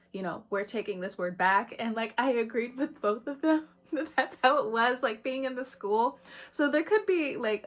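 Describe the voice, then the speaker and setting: A woman's voice: a little high, a bit bright. A woman giving a casual spiritual astrology reading to the camera, chatty, swearing freely and laughing often between phrases. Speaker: astrology reader.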